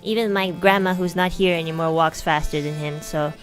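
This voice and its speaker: A young woman streamer telling a long everyday story in casual chat, animated and chatty, acting out what people said. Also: deep voice, brisk, faint music behind. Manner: chatty, animated, acts out quoted lines in a raised voice.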